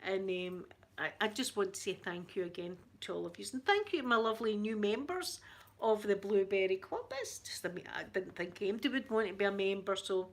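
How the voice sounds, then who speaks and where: Soft-spoken woman with a thick Scottish accent. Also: mid-range voice, fairly quick. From Scotland. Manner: chatty, laughs often, soft-spoken. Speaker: livestream host. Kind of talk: casual chat with live viewers.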